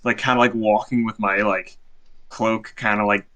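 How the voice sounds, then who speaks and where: A man's voice: on the low side, little pitch movement, normal speed, fairly bright tone. A man playing a tabletop game, describing his actions in a rambling way, full of "like". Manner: rambling, lots of "like". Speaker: player. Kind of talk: casual game chat.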